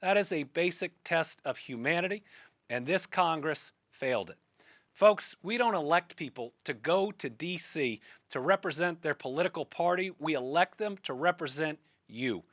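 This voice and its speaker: A man's voice: on the high side, expressive, moderate pace, a bit bright, no echo, clean studio sound. Fired-up Kentucky man hosting a podcast. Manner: fired-up, earnest political speaking. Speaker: podcast host. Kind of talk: interview then spoken commentary.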